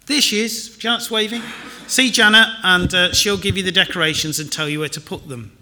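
A man's voice: high-pitched, brisk, background noise. A man giving a chatty church sermon and notices, with wry, self-deprecating asides. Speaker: preacher.

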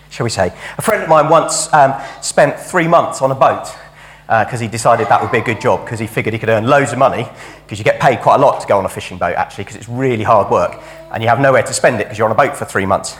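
A man's voice: medium pitch, a bit bright, slight background noise. A man giving a chatty, jokey sermon at a church camp service. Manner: chatty and jokey, leading a game with helpers. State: out of breath. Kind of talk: lively all-age sermon.

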